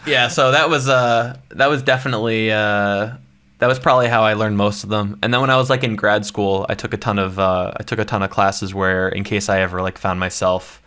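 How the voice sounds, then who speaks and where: A man's voice: fairly low pitch, steady tone, fairly quick, bright, forceful tone, clean tone. A man in his thirties, a podcast guest chatting casually and rambling with lots of likes and ums. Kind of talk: casual chat.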